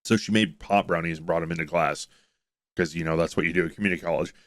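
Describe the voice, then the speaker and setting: A man's voice: deep voice, fairly even intonation, fast talker, a bit bright, dry recording. A young man hosting a reaction video, chatting casually and laid-back, often restarting his sentences. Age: young adult.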